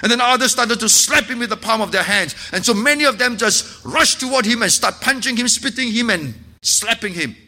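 A man preaching a sermon, impassioned at times and dropping to hushed, earnest tones. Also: extremely high pitch, lively intonation, fairly quick, hardly any pauses. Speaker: pastor.

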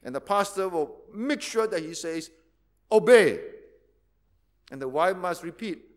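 High-voiced pastor preaching. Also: male voice, animated, moderate pace, a bit bright. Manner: teaching, rhetorical questions, repeats key words. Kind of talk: sermon.

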